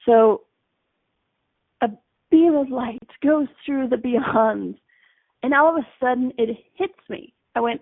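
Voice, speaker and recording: A woman's voice: high-pitched, takes it slowly, pauses often, dry recording. Chatty woman host on a tinny line. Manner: chatty storytelling, acts out her own panicked inner voice. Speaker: radio show host. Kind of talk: casual monologue. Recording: dry, tinny phone-line sound.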